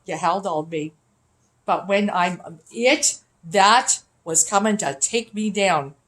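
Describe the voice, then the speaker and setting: A woman vlogger rants straight to camera in a rambling, unscripted way. Her talk is profane and accusatory, at a middling pitch for a woman, recorded in a hotel room. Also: slow, fairly bright tone.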